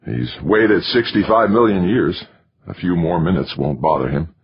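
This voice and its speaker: A man voicing a subdued male anthropologist speaking in a hushed, half-whispered way. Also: low voice, lively intonation, moderate pace, breathy edge, muffled recording, full character voice.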